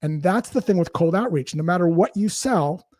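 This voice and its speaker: A man guest on a podcast, explaining sales ideas through lively anecdotes and acting out bits of dialogue. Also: sits high, normal speed, dry recording, clean studio sound. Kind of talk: storytelling interview talk.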